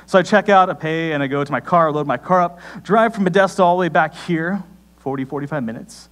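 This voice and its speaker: A man's voice: fast, a bit bright, clear, resonant tone. Conversational young man preaching a sermon. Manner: conversational storytelling with sudden rises in pitch. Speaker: pastor.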